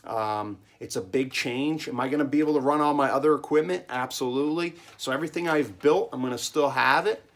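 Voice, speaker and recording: A man of middling pitch talks straight to the camera from his cellar, a small business owner sharing hard-won lessons. He rambles and repeats himself, driving points home with emphasis. He keeps checking in with a quick "okay?". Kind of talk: casual monologue vlog.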